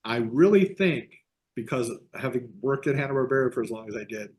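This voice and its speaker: A man's voice: mid-range voice, animated, fairly quick, a little mellow. A man who worked at an animation studio, explaining history in a played interview clip.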